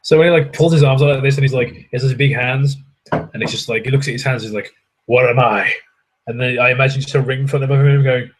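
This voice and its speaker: A man's voice: medium pitch, steady tone, fast talker, low-quality recording. A young adult man, hosting a casual livestream from a hotel room and answering chat in a rambling way, swearing freely and poking fun at himself.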